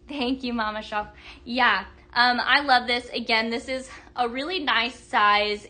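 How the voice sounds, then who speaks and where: A bubbly livestream host chats casually while selling products, gushing over items, using many fillers, and reading viewer comments aloud to reply to them. Her fairly high voice is bright and forceful, and she speaks unhurriedly.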